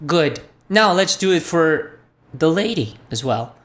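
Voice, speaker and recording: A woman's voice: deep voice, animated, unhurried. A woman teaching a language lesson, patiently repeating phrases for learners. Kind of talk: slow spoken language lesson.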